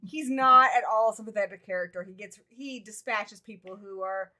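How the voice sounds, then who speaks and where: A woman co-hosting a live horror movie review, giving quick background with wry, sarcastic asides. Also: medium pitch, sharp tone.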